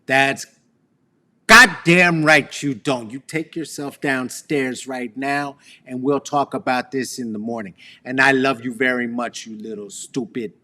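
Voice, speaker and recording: A man's voice: medium pitch, fairly even intonation, normal speed, hardly any pauses, pushed and bright, natural voice. A man voicing a worried, furious middle-aged mother who scolds her son sharply, then tenderly.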